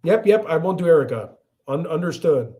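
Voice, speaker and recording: A man's voice: fairly high pitch, lively intonation, fairly quick, dark tone. A man in his thirties from the Chicago area with a Chicago accent, hosting a casual livestream and chatting back to viewer comments with frequent restarts. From Chicago area, USA. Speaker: livestream host.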